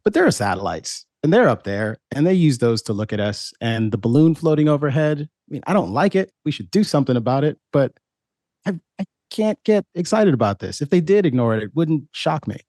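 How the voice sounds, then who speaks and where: A man guesting on a political talk podcast, wry and expressive. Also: a little high, fairly quick, no echo, clean studio sound. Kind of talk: casual political chat.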